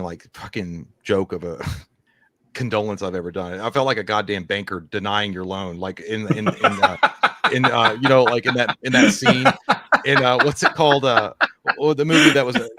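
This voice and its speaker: A man's voice: mid-range voice, pushed and bright, slight background noise. A man co-hosting a live stream, reading viewer messages aloud in a loose, rambling, profane, joking way. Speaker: co-host reading super chats. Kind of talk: casual live-stream chat.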